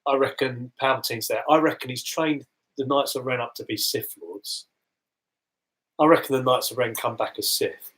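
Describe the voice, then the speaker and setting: A man's voice: mid-range voice, fairly even intonation, moderate pace, fairly bright tone. A man co-hosting a live podcast, sniffling and coughing, in teasing, speculative casual banter. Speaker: podcast co-host. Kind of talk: casual live-stream chat.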